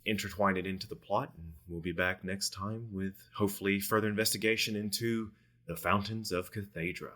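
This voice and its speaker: A man's voice: lowish voice, steady tone, fairly quick, sharp tone. A man narrating as game master of a tabletop role-playing game, in an easygoing, laid-back way.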